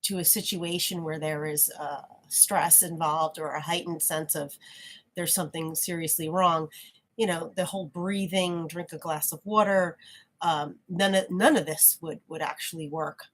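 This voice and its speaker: Woman vlogger, lower pitch, frank reflective monologue with halting restarts. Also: steady tone. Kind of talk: casual spoken monologue.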